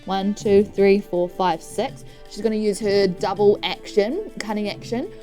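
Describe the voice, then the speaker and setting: A woman's voice: mid-range voice, unhurried, warm tone, soft background music. A woman narrating her character's turn as a player in a tabletop game, eager and laughing. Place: studio.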